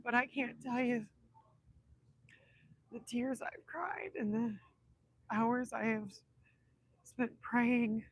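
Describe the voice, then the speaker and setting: Slow-talking woman in her 30s doing a livestream chat, raspy and gravelly, gets emotional and soft. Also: a little high, rough recording. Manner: emotional and heartfelt, often dropping to a whisper. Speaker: livestream host. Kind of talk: casual livestream chat with viewers.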